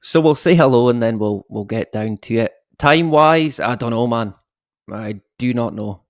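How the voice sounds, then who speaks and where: At home, a livestream host in his thirties welcomes viewers and chats at a normal speed in a mid-range voice. Quick to laugh, he pokes fun at himself and swears casually, with clean studio sound and no room sound.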